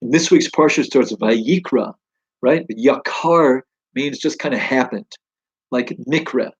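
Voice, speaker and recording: A man's voice: mid-range voice, a little slow, breathy edge, highs cut off. A man giving an informal, enthusiastic Torah teaching in a conversational way. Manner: enthusiastic, conversational, exclaims wow. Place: home study.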